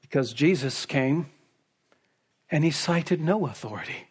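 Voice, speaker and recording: Preacher, male, slightly high husky voice, emphatic expository delivery. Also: animated, unhurried. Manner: emphatic, rising to forceful peaks on repeated phrases. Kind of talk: expository sermon.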